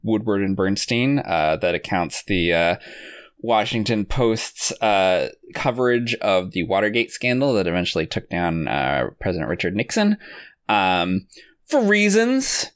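A man's voice: fairly low pitch, big pitch swings, a little slow, smooth, no room sound. Man, podcast host, casual chat, lots of ums, laughs easily, dry close mic. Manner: hesitant, many ums and uhs, laughs often.

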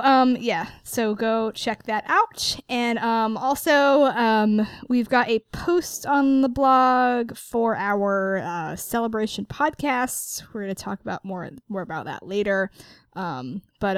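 A woman co-hosts a casual podcast, chatting and giggling with a clear, smooth, fairly high voice. Her sound is close and dry. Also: slow pace, no room sound. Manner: giggly, chatty, many fillers. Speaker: podcast co-host.

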